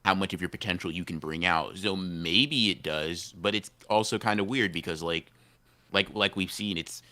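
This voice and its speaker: Man, very low voice, bright tone, rambling casual podcast debate, slangy. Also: moderate pace. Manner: rambling, repeats himself, slangy. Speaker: podcast co-host.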